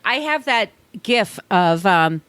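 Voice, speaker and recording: A woman's voice: mid-range voice, expressive, slow, fairly bright tone, clean tone, no room sound. A woman co-hosting a podcast in casual chat, telling stories chattily with frequent laughs and fillers. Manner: chatty storytelling, laughs often, filler-laden. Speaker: podcast co-host.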